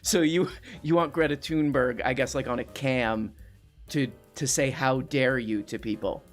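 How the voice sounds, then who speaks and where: A man hosting a comedy call-in show as a deadpan straight man, calmly repeating back whatever his guest claims. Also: medium pitch, measured pace, faint music behind.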